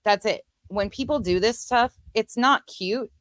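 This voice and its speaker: A woman's voice: fairly high pitch, a little slow, fairly bright tone, no echo. Blunt sarcastic woman commentator. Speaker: commentary streamer. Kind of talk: casual commentary.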